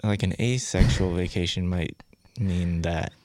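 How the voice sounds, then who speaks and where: A man's voice: low-pitched, normal speed, a little mellow, dry recording. A man hosting a community radio show, chatting casually and joking about his own pronunciation between tracks. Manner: joking, self-mocking announcer. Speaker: radio host. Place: radio studio. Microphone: studio microphone.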